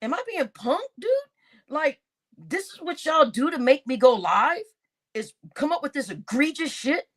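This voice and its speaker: An adult woman hosts a casual livestream, laughing often and swearing as she reads comments and calls her chat "y'all." She's animated, with a voice that sits high and a measured pace.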